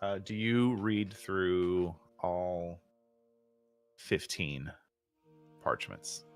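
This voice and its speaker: A man narrating a tabletop game as game master, lively and quick to laugh. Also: sits low, faint music behind. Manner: lively, laughs often, draws out words.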